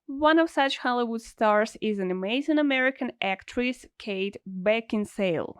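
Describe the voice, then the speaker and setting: A woman's voice: fairly high pitch, lively intonation, moderate pace, clear, resonant tone, no echo, clean studio sound. A woman, a language teacher explaining things earnestly in scripted video narration. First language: Russian.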